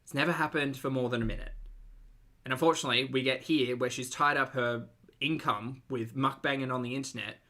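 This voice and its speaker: A commentary streamer talks loosely and bluntly through a casual live stream, with plenty of fillers and the odd swear word. His bright, forward voice sits at an ordinary middle pitch, with fairly even intonation and a fairly quick pace. He breaks off now and then to greet viewers and read their questions aloud.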